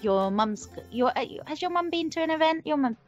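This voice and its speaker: Female co-host, chatty interviewer, giggly, filler-heavy, a touch high. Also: expressive, fairly quick, dull audio, soft background music. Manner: giggly, rambling with many fillers. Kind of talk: casual interview chat.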